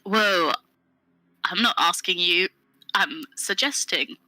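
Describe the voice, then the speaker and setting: A woman's voice: lowish voice, takes it slowly, sharp tone, no room sound, full character voice, poor audio. A woman voicing a blunt, pragmatic adventurer who speaks in a matter-of-fact, slightly sardonic way.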